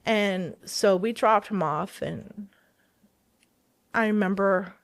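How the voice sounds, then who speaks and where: Animated woman telling a story, dry sound. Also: mid-range voice, slow pace, vocal fry, no room sound. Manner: animated, acts out quoted dialogue with laughter. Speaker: guest. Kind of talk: casual storytelling interview.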